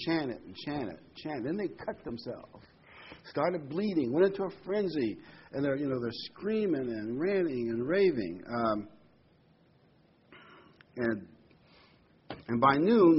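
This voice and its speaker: A man's voice: mid-range voice, muffled recording, slight background noise. A man preaching a sermon, retelling a scripture story with many asides and fillers.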